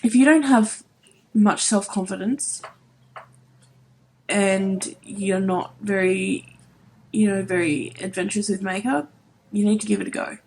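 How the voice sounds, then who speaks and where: A woman's voice: mid-range voice, little pitch movement, measured pace, long pauses, a little mellow, slight background noise. A woman in her thirties vlogging about makeup, emotional and close to tears, speaking earnestly with many fillers. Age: 30s. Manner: emotional, voice wavering near tears; earnest, repeats herself, many "like"s. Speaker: beauty vlogger. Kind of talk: emotional vlog to camera.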